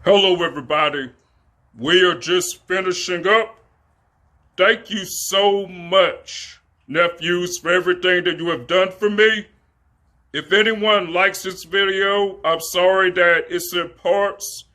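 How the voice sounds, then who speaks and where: High-voiced man stammering through a vlog. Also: steady tone, sharp tone. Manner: halting, stammering, self-correcting; earnest and devout. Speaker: homeowner vlogger. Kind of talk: casual how-to vlog commentary. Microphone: phone.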